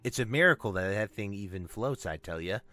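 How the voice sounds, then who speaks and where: A man voicing a friendly, talkative harbor fisherman who speaks slowly and chats away in a folksy way. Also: lowish voice, lively intonation, pushed and bright, dry recording. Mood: chatty.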